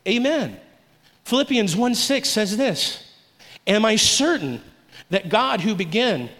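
Man, pastor preaching, high voice, call-and-response, long hall reverb. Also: a bit bright. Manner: exhorting, call-and-response with congregation. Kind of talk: sermon. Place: church sanctuary.

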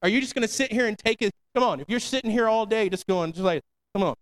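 A man's voice: high voice, fast. A man preaching a sermon as pastor, conversational and slangy, punctuating lines with "come on" and "amen.". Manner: preachy call-and-response, repeating "come on".

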